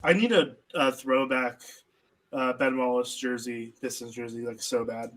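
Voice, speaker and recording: A man co-hosting a casual watch-party chat, reacting with quick short remarks. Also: mid-range voice, poor audio. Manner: excitable, reacting with short interjections. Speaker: co-host.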